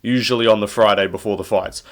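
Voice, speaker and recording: A man's voice: lowish voice, steady tone, fast talker. A young man with an Australian accent hosting his own fight-prediction channel, talking in a loose, rambling and profane way and often mocking himself. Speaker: MMA prediction channel host. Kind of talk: casual crude commentary.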